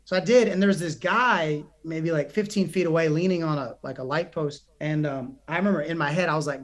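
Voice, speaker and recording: Fairly quick and fairly high in pitch, a young psychotherapist and coach tells stories in a podcast interview. He sounds earnest and animated, and his speech is full of restarts.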